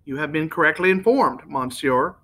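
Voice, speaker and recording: A man's voice: fairly high pitch, expressive, normal speed, fairly bright tone. A man voicing a polite, formal foreign detective who calls others monsieur. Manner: formal, addresses people as monsieur.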